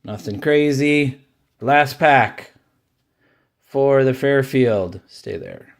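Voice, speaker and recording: Guy ripping card packs, slow and easygoing, reads off each card, gets excited at good pulls. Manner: unhurried, listing cards one by one, dry opinions; brightens and rises in pitch over favorite-team pulls. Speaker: card-collecting channel host. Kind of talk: casual pack-opening commentary.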